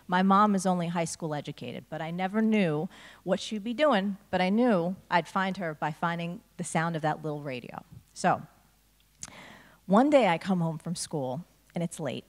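A woman from New Jersey giving a motivational talk to a school audience, telling stories and acting out the dialogue. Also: fairly low pitch. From New Jersey, USA. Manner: animated storyteller, acts out dialogue. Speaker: speaker addressing a school audience. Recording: long reverb of a large hall.

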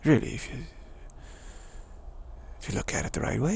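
A man giving a rambling, animated spiritual talk, slipping into different characters' voices as he goes. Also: mid-range voice, moderate pace, gravelly, breathy edge. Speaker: spiritual teacher.

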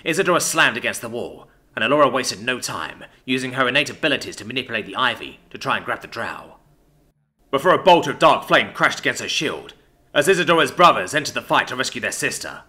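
A man narrates a science fiction story in a bright, forceful voice. His pitch moves in a lively, animated way, and he reads in an expressive, scripted manner. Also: quick pace.

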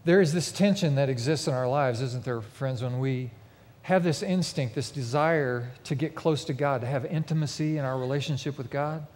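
A man's voice: medium pitch, moderate pace, few pauses, darkish tone. Emphatic preaching man in a reverberant church. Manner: vivid, emphatic storytelling preacher. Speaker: pastor. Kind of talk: sermon. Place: large church with a mezzanine. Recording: long reverb of a big church hall.

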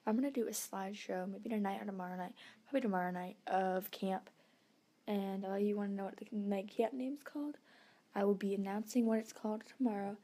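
Teen girl rambling into the camera at night, lots of so yeah and um, half whispering sometimes, normal pitch. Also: steady tone, a little fast, warm tone. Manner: rambling, filler-heavy, drifting into half-whispers. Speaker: vlogger. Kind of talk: casual nighttime vlog. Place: at home at night.

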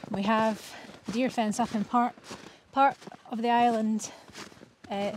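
A woman's voice: on the high side, fairly even intonation, takes it slowly, a little mellow, slight background noise. Woman plainly explaining outdoors. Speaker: vlog co-host. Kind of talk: casual outdoor chat. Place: outdoors on an island farm.

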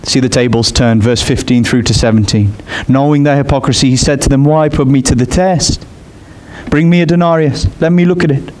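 A man preaching a sermon in an expressive way. He climbs high in pitch on his emphatic points. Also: fast, few pauses.

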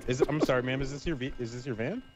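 A man playing a brisk, no-nonsense male police officer. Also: medium pitch, music in the background, lightly acted.

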